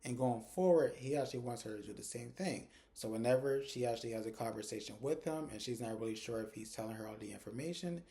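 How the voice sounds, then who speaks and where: A man talks through the plot of a drama episode in a loose, chatty recap. His voice sits at a middle pitch with a dark, mellow tone. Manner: casual, quick quoting of characters in a loose chatty way. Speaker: recap host. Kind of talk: casual plot recap with acted quotes.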